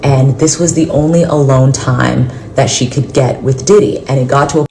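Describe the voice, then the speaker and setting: A woman reporter recapping court testimony in a measured, matter-of-fact way. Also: extremely low pitch, steady tone, dark tone, a little hiss or hum, rough recording. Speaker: news reporter. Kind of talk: scripted news report.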